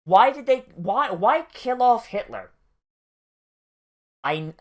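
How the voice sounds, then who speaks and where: A streamer riffs over an episode, swearing freely and drifting from one tangent to the next. The delivery is loose and conversational, at a middle pitch. The host talks as if to friends watching along. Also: animated, slow, darkish tone. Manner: profane, rambling and tangential storytelling. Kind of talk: casual commentary while watching an episode.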